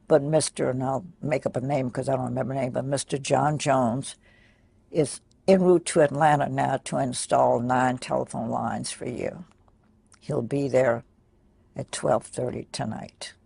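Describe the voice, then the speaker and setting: Gravelly, husky older woman recalling. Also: very deep voice, fairly even intonation. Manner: soft-spoken, pausing, many fillers. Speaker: interviewee. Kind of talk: personal recollection.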